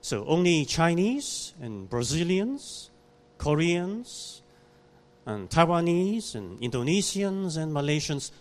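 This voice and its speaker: Slow, lively-pitched man preaching. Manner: storytelling, slow and deliberate with questions to the congregation. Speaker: pastor. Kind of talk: sermon. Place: church.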